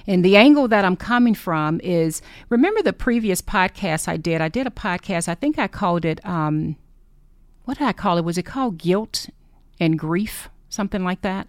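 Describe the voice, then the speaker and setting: Low-voiced earnest woman podcast host. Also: dry recording, studio quality. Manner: earnest and heartfelt, with many pauses. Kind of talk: unscripted personal talk.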